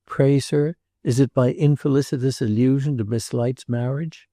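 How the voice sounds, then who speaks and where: A man reads as a self-important older patron of the arts, speaking in round, sonorous tones with a mellow, warm edge. He sounds lofty and sure of his own taste, lifting his voice a little above the narration. The recording is dry and close. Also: medium pitch, fairly even intonation, normal speed, no echo, pitched above the performer's own voice, lightly acted. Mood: pompous. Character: pompous wealthy older male patron.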